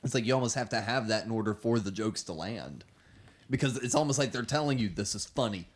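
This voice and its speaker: A man's voice: medium pitch, expressive, fast talker. A young man hosting a casual podcast chat, laid-back, laughing often and swearing casually. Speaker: podcast host.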